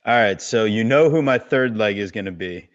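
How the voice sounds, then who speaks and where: A man's voice: lowish voice, lively intonation, moderate pace, dull audio. A man guesting on a podcast, chatting casually in a laid-back, joking way. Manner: laid-back, joking, short agreeing replies.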